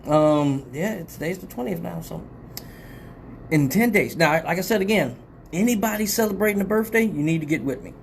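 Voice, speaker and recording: A man's voice: high-pitched, lively intonation, a little fast, creaky, slight background noise. A man hosting a casual live show, rambling loosely and swearing freely after a few drinks. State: tipsy from drinking. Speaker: host.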